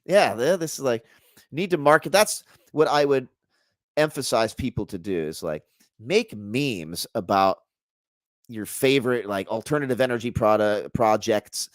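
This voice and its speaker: A man being interviewed as a guest researcher in a casual chat. He talks in an animated, jokey way, trailing off and restarting his sentences. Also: mid-range voice, normal speed, no echo, clean studio sound.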